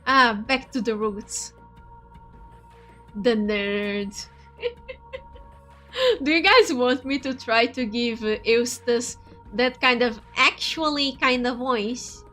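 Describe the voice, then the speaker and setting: Over faint game music, a Portuguese-speaking woman streamer reads a visual novel in a fairly high, bright, forceful voice with lively intonation. She goes slowly with long pauses, breaking off from the text for chatty, giggly remarks to her viewers.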